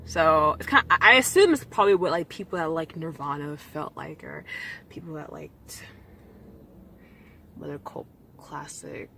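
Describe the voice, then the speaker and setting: A woman's voice: low-pitched, moderate pace, creaky, background noise. A young adult woman talking to her viewers in a casual vlog, rambling with many restarts and fillers. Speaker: vlogger.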